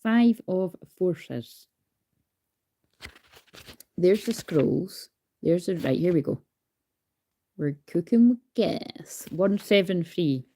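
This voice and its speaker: A woman's voice: fairly low pitch, animated, slow, warm tone. A woman doing a casual livestream card reading into a phone. She is chatty, swears freely and calls herself hyper. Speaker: tarot card reader.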